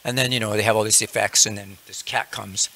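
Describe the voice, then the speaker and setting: A man's voice: lowish voice, steady tone, brisk, sharp tone. A man leading a religious class, telling a parable casually, with frequent "you know" fillers. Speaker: lecturer in a temple class.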